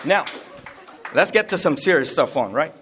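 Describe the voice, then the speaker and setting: A man's voice: fairly high pitch, expressive, moderate pace, a bit bright, breathy edge. A man giving a rambling, jokey talk to a live seminar audience, repeating himself often. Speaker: seminar speaker. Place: seminar room.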